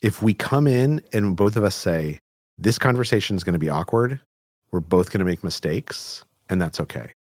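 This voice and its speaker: Animated man explaining communication research. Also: deep voice, normal speed, no room sound, clean studio sound. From Albuquerque, New Mexico, US. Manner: explanatory, animated, frequent "right?" and "like". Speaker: guest expert on communication. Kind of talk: conversational interview.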